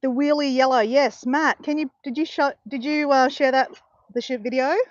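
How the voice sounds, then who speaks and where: A woman's voice: sits high, steady tone, moderate pace, dry recording, lo-fi sound. A middle-aged woman with an Australian accent, chatting casually and rambling while she streams a live walk on the beach, often correcting herself. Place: outdoors on a beach.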